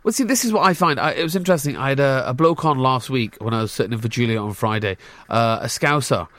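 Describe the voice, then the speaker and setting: Speaking quickly in a medium-pitched, fairly bright voice, a radio host with a Glaswegian accent trades jokes and teasing with his co-hosts in casual studio chat. The recording is dry.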